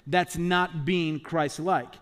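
A man's voice: a little high, fairly even intonation, takes it slowly, fairly bright tone. A male pastor preaching a sermon, emphatic, with rhetorical questions and acted-out quotes.

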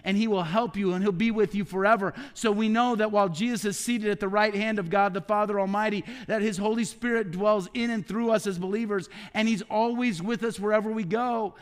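Middle-aged pastor guy preaching, highish voice, dips real soft n low sometimes, long church echo. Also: steady tone, fairly quick, few pauses, clear, resonant tone. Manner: preaching with sudden drops to a low hushed voice. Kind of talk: sermon. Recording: long hall reverb.

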